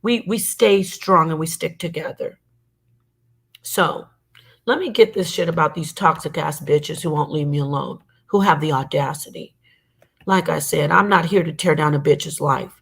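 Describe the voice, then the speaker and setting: A woman's voice: low voice, normal speed, creaky. Heated, emphatic middle-aged woman. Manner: emphatic, repetitive, heated, profane. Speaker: show regular and commentator. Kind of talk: impassioned online monologue.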